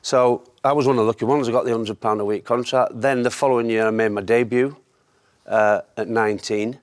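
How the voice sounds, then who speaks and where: A man telling an anecdote in casual conversation as a guest, a lively storyteller who laughs often. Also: mid-range voice, a little fast. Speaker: former footballer, guest.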